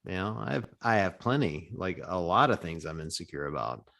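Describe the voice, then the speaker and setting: A man chatting casually as a podcast guest, an animated storyteller who breaks into loud laughter. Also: sits low, a little fast, vocal fry. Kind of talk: casual chat.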